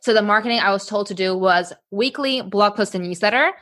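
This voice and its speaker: Guest: casual woman consultant, fast and easygoing, mid-pitched, plenty of fillers. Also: a bit bright. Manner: quick, casual, lots of "like" fillers, laughs easily. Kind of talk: conversational interview.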